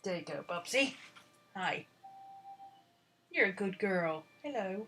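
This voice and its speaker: A woman's voice: medium pitch, normal speed, pauses often, noisy background. A woman chatting casually at home and cooing baby talk to her dog. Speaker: art vlogger. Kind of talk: casual chat.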